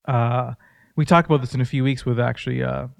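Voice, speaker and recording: A man's voice: medium pitch, steady tone, a little fast, vocal fry, no room sound. A man in his thirties co-hosting a casual faith-based podcast, telling personal stories in an earnest, conversational way. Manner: earnest storytelling. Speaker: podcast co-host.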